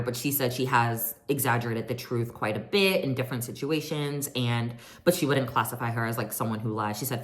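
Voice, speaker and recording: A woman recapping a reality TV reunion in a chatty, sassy way, quoting people in animated voices. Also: low voice. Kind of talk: casual chat recap.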